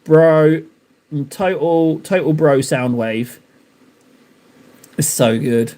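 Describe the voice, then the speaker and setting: A man's voice: fairly high pitch, drawn-out words, pauses often, mellow. A young adult man hosting a live stream, chatting casually and playfully with viewers while painting miniatures, teasing them in mock-dramatic bursts.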